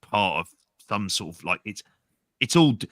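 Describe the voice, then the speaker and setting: A man's voice: fairly low pitch, animated, moderate pace, a bit bright, no room sound, clean studio sound. A man co-hosting a podcast, giving blunt, wry opinions and swearing freely. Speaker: podcast co-host. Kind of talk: casual podcast chat.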